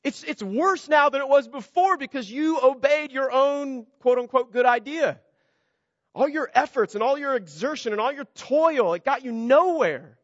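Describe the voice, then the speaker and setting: A man's voice: very high voice, lively intonation, normal speed, no echo, long reverb tail, highs cut off. A man preaching a sermon, earnest and conversational, asking rhetorical questions of his listeners. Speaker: pastor.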